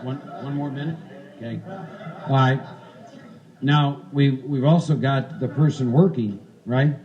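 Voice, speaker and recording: A man's voice: mid-range voice, fairly even intonation, measured pace, some chatter behind. A man leading a recovery workshop in a folksy way, constantly checking in with his listeners. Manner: folksy, keeps checking in with "see?" and "right?". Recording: dull muffled recording.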